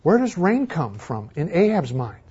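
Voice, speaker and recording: High-voiced animated man preaching. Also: unhurried, slightly rough, lo-fi sound. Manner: animated, swings from loud exclamations to hushed near-whispers. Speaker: pastor. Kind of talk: sermon. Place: church.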